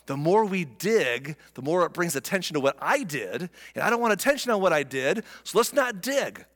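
Guy doing smug hypocrite patriarch, pompous, bit high, big hall echo. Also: big pitch swings, normal speed, a bit bright. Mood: anxious. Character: self-serving proud male patriarch, hypocritical.

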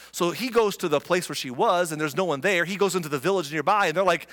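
A man preaching in a casual, wry tone that sounds like storytelling, with a somewhat high voice. His words carry a long reverb, as in a big sanctuary. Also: quick pace, few pauses, fairly bright tone. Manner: conversational, wry, acts out the characters. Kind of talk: sermon retelling scripture. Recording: long reverb of a large room.

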